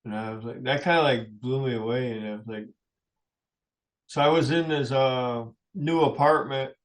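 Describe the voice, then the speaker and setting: A man's voice: mid-range voice, moderate pace. A middle-aged man, a musician guest in a radio studio, tells personal stories in a rambling, anecdotal way with frequent chuckles. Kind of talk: personal storytelling in a radio interview.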